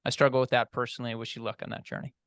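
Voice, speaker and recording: Stuffy-nosed guy giving a pep talk at a speaking club, smooth voice, dry sound, candid and reassuring. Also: mid-range voice, level tone, rapid-fire, a bit bright, no room sound. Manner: candid, self-deprecating, reassuring. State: nasal from allergies. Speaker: club member giving the opening. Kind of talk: inspirational club speech. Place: club meeting room.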